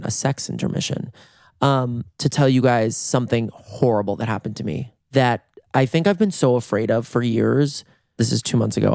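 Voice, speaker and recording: Man, 30s, podcast host, comedic storytelling, animated, dry close sound. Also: no room sound. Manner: animated, acts out voices with big jumps in pitch. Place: bedroom.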